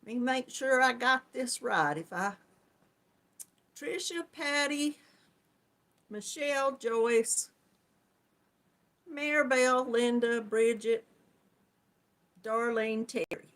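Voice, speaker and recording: A woman's voice: on the high side, slow pace, long pauses, a bit bright. A middle-aged woman with a Southern US accent hosts a casual live stream, greeting viewers one by one and calling them hon and darling. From Georgia, US. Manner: chatty, affectionate, calls viewers hon and darling.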